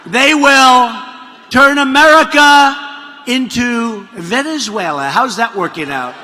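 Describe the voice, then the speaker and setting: Bright, forceful man at a rally. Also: very high voice, very animated, slow pace, faint music behind. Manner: rambling, mocking, repetitive, bursts of shouting. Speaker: politician addressing a rally. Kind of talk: campaign rally speech. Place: large rally venue. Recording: long arena reverb, faint crowd ambience.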